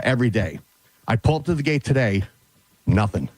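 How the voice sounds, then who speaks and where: Animated, breathless man telling a story. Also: mid-range voice, brisk, no room sound. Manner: excited, retells a confrontation with lively quoted voices. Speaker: show regular. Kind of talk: animated storytelling on a radio show.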